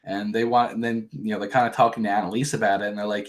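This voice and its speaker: A man's voice: lowish voice, fast talker, hardly any pauses. Rambling man recapping a reality show. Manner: rambling, profane, joking asides. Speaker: podcast host.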